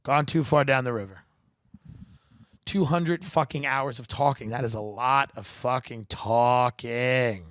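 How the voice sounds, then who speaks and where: A man's voice: mid-range voice, measured pace, a bit bright, dry recording, studio quality. A man hosting a comedy podcast, riffing in a profane, sarcastic, rambling monologue.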